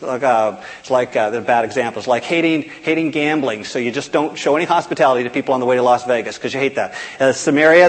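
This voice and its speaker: Guy preaching a sermon, kinda husky, chatty with lots of restarts, big echoey hall. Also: a little high. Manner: conversational, with halting restarts and quiet acted quotes. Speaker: pastor. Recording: long hall reverb.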